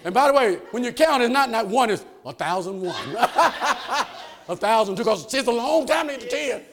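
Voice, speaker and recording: A man preaching a sermon, folksy and joking, building to shouted call-and-response lines. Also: very high-pitched, animated, normal speed. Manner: folksy, joking asides with laughter.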